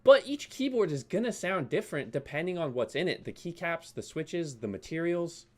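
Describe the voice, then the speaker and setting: A man's voice: on the high side, expressive, normal speed, a little mellow. A man hosting a keyboard vlog, ranting in an exasperated, sarcastic way and apologizing between outbursts. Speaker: keyboard video host.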